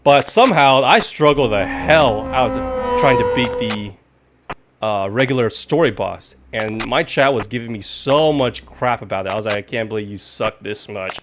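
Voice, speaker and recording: Male streamer, casual rambling commentary, average pitch, startles loudly; noisy recording. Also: moderate pace. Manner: rambling, chatty, jumpy outbursts when startled. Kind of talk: casual live gaming commentary.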